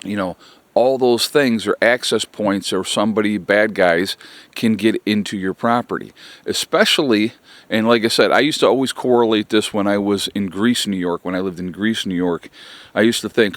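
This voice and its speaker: A man's voice: lowish voice, moderate pace, dry recording. A man giving casual advice in a vlog, rambling and conversational, with lots of fillers and earnest repetition of his key points. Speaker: prepping vlogger.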